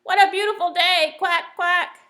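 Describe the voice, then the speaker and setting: A woman voicing a loud, excitable female duck who shouts and quacks in a storybook read-aloud. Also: very high-pitched, normal speed, voice pushed up. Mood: loud cheerful.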